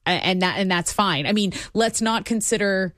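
A woman's voice: mid-range voice, moderate pace, fairly bright tone, no echo, clean studio sound. Woman co-host reading news on talk radio. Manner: casual, reads news items and listener texts aloud.

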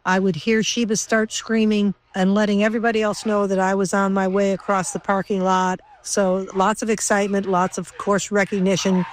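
Older woman researcher, earnest and emotional, mid pitch, interview. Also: little pitch movement, a little fast, few pauses, a little hiss or hum. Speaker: former lab researcher interviewed. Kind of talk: documentary interview.

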